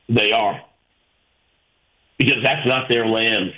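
Radio host guy on a call-in show, slow and punchy, keeps asking rhetorical questions. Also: fairly low pitch, animated, pushed and bright, poor audio. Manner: emphatic, argumentative, rhetorical questions. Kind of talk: call-in radio opinion talk.

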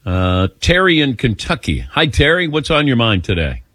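A man's voice: mid-range voice, big pitch swings, normal speed, a bit bright, no room sound, studio quality. A man hosting a call-in radio show, chatting casually, laughing readily and poking fun at himself. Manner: laughs readily, self-mocking. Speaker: radio talk show host.

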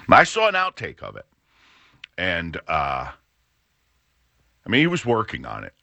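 Deep-voiced rambling male radio host. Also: wildly swooping pitch, unhurried, gravelly, sharp tone, no echo. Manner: rambling with frequent restarts and fillers. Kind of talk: casual radio talk.

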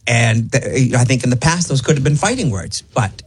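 A man's voice: medium pitch, animated, moderate pace, slightly rough. A man co-hosting a radio morning show, talking casually and easygoingly. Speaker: radio co-host.

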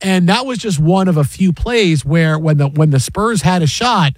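A man's voice: high voice, moderate pace, dry recording, low-quality recording. A man hosting a sports radio show, talking casually and animatedly, often acting out other people's voices. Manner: animated, acts out quoted voices.

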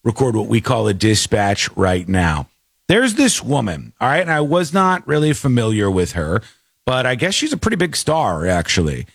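A man's voice: medium pitch, sing-song, normal speed, creaky, husky, dry recording, studio quality. A man hosting a talk show, chatting casually and rambling with frequent restarts. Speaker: show host. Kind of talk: casual commentary chat.

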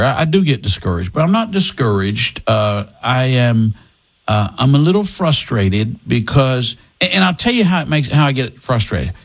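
A man with a mid-range voice and vocal fry hosts a talk radio show, chatting casually in a lively way and frequently restarting and correcting his sentences.

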